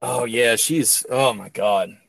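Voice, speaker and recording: A man hosting a crude, casual comedy podcast chat, now and then bursting into mock sports-announcer shouting. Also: mid-range voice, takes it slowly, vocal fry, dry recording. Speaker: podcast host.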